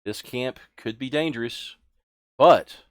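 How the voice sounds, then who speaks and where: Male game master, patient and gentle narrator, mid pitch, dry close mic. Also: slow, clean tone, dry recording.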